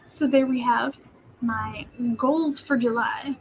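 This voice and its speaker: A young woman vlogging casually as she plans her monthly goals, chatting and slipping into soft whispered asides while she writes. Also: a little high, slow, slight background noise, low-quality recording. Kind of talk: casual planning vlog.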